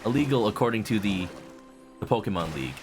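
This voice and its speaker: A man's voice: on the low side, very animated, quick pace. A man streaming a video game, chatting playfully with his viewers and humming to himself. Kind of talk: casual game commentary. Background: game music.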